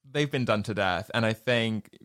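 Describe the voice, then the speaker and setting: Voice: mid-range voice, normal speed, fairly bright tone, clear, resonant tone, dry recording, clean studio sound. A podcast co-host in casual chat, telling stories animatedly and laughing often.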